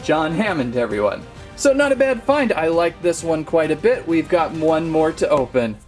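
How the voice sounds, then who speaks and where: A man's voice: fairly high pitch, very animated, normal speed, soft background music. A man hosting a casual toy unboxing, talking in a playful, jokey, mock-serious way. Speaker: toy channel host.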